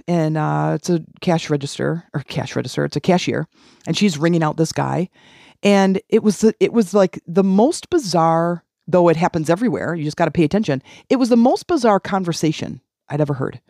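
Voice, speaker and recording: A woman hosting a podcast, talking casually and telling lively stories with acted-out dialogue. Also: fairly low pitch, dry recording, clean studio sound. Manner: lively storytelling, acts out dialogue. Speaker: podcast host and speaker.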